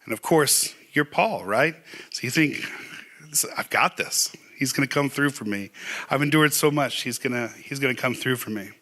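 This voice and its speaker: Man, middle-aged, church sermon, bright tone, earnest, conversational, pleading. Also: mid-range voice, brisk. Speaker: pastor. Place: church sanctuary.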